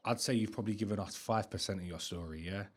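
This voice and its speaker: A man's voice: lowish voice, fast talker, husky. A man hosting a podcast interview, blunt and encouraging, swearing casually as he talks. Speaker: podcast host.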